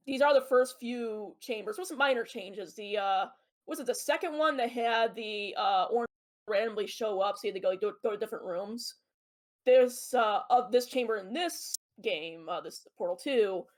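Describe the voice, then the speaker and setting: A woman co-hosting a podcast, explaining at length in casual chat with many ums and uhs. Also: mid-range voice. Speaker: podcast co-host. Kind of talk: casual chat about a video game.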